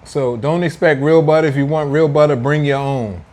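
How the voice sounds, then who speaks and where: A man's voice: a little high, steady tone, moderate pace, a little mellow. A man hosting a casual food vlog, playful and teasing as he talks to viewers at home. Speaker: food vlogger. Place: indoors at home.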